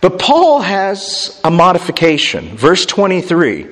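A man's voice: on the high side, huge pitch swings, a little slow, hardly any pauses, a bit bright. A male pastor teaching a sermon in a conversational, explanatory way, with chatty asides to the congregation. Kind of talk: expository sermon. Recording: long hall reverb.

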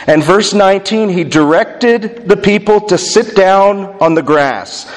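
Male pastor, sermon, somewhat high voice, long hall reverb, slows and drops quiet for emphasis. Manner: expository, drops low and quiet on key words, slows for emphasis.

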